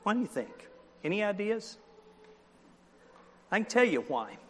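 A man's voice: high-pitched, big pitch swings, measured pace, fairly bright tone, husky. A man preaching a children's sermon, telling a story with animation, acting out the characters and asking the listeners questions. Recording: long hall reverb.

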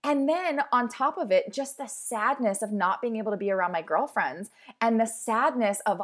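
A woman's voice: fairly high pitch, animated, normal speed, a bit bright. Candid chatty woman podcaster in her thirties. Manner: candid, emotional, chatty with many "like"s. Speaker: podcast host. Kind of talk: casual personal podcast monologue.

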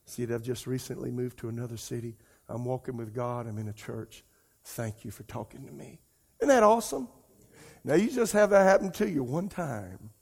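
A pastor delivers a sermon in a loose, conversational way, calling out to the congregation. His voice climbs into emotional, pleading cries and then sinks to a soft hush. He repeats words often as he tells stories. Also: medium pitch, lively intonation, normal speed, creaky, breathy edge. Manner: emotional storytelling, rising to near-crying pleas.

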